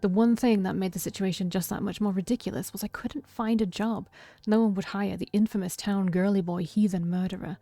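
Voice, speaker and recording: A woman voicing a troubled young man who confesses a past killing, read in a quiet, heavy tone with a gravelly edge. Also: medium pitch, no echo, close to an everyday voice.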